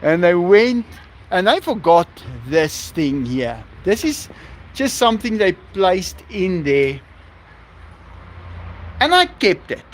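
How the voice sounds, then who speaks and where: A man with a high, lively voice chats on a phone stream outdoors among his farm animals. He talks slowly, with faint outdoor noise behind him. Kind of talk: casual live-stream chat.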